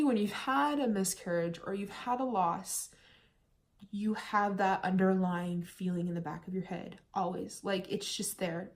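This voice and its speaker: A young woman from the United States telling her own story in a candid, chatty vlog, at times holding back tears. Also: mid-range voice. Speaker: vlogger.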